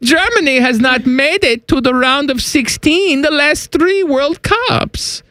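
A man's voice: very high voice, lively intonation, racing, pushed and bright, no echo, voice pushed up, heavily acted. A boastful German man with an exaggerated put-on accent, as a man hams it up on a sports chat show. The voice jumps well above his usual register and sounds strained. It swings around a lot and sounds close and dry. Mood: blustering. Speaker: co-host.

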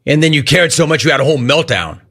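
A male sports radio host tearing into a subject with biting sarcasm. His voice sits a little high and swings widely in pitch as he mocks and scolds. He talks in a talk-radio rant. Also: fast talker, gravelly. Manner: sarcastic, mocking, animated.

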